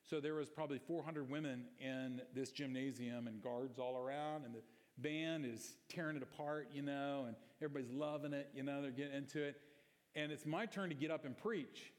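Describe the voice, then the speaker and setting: A man's voice: medium pitch, a little fast. A man preaching a sermon as pastor, moving from storytelling into impassioned exhortation. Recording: long hall reverb.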